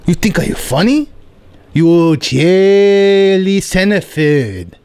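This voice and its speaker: A man voicing a grumpy, suspicious middle-aged landlord who speaks slow, broken English with a Korean accent. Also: high-pitched, big pitch swings, a little mellow, clean tone, no echo, exaggerated voice. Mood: threatening.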